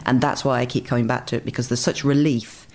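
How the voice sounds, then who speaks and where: A woman's voice: extremely low pitch, fast. A woman guest in a casual chat, talking animatedly and acting out quotes. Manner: animated, acts out quotes in lively asides.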